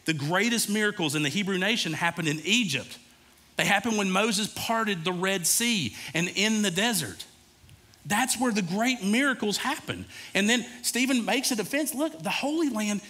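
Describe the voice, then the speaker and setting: A man's voice: sits high, bright, forceful tone. A male pastor preaching a sermon in a casual, conversational way, talking directly to his congregation.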